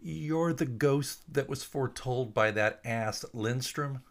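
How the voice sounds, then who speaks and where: A man's voice: medium pitch, slow, voice pushed up. A man voicing a grumpy, sarcastic sailor nursing a head injury. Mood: cranky, sarcastic. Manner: cranky, sarcastic. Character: grumpy, hurting middle-aged sailor.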